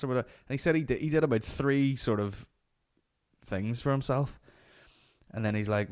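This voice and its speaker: Male comedy host with a lowish voice and a sweary, rambling storyteller manner. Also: fast. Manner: profane, rambling anecdotes. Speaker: podcast host. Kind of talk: comic storytelling.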